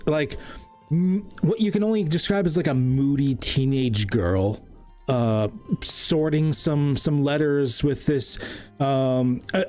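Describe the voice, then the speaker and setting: Guy running a tabletop game, slow, lots of ums, faint music behind. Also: a little high, a little mellow. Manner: rambling, full of ums and uhs. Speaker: game master.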